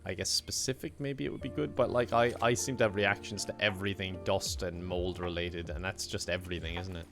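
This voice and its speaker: A young man chats loosely through a game stream, laughing easily as he thanks viewers. His voice sits low with a gravelly, creaky edge, and soft music plays behind him. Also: steady tone, a little fast, hardly any pauses. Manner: chatty, laughs often, reads out donations. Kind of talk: casual live-stream chat while gaming.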